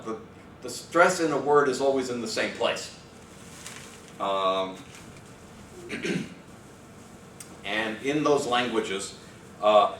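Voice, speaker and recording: A man's voice: medium pitch, fairly bright tone. A man giving an academic lecture, talking in a discursive way with fillers and self-corrections. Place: lecture room. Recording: echoey room, far mic, faint noise.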